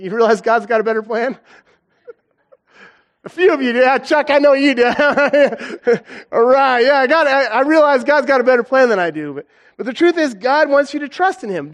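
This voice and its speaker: Earnest high-voiced man preaching. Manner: earnest, conversational, emotional swings. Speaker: guest preacher. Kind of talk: sermon with personal testimony.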